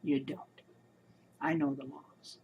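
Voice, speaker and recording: A woman's voice: low-pitched, little pitch movement, slow, vocal fry, narrow, tinny audio, slight background noise. A woman giving casual spoken commentary, telling her story in an indignant, emphatic and rambling way. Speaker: commentator recounting a hospital experience.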